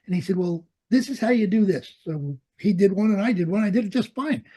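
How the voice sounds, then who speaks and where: An older man recalls his flight training in a relaxed, husky voice. He tells his stories with energy, acting out the dialogue and laughing as he goes. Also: high-pitched, fairly quick. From United States. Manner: animated storyteller, acts out quoted dialogue, laughs often. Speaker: interviewee, Vietnam veteran pilot. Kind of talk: storytelling in an oral history interview.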